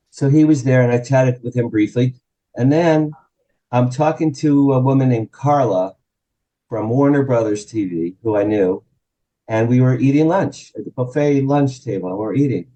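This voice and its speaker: Man from new jersey, sixties, lively storyteller, mellow, warm tone. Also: medium pitch, normal speed, dull audio. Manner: animated anecdote teller, acting out quotes. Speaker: guest, publicist and author. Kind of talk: storytelling in an interview.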